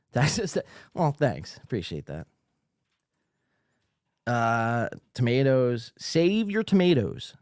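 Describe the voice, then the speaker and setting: Yelling profanely and loosely with hyped energy, a medium-pitched podcast host reads viewer comments on a live stream while out of breath. His studio mic delivers clean, echo-free sound.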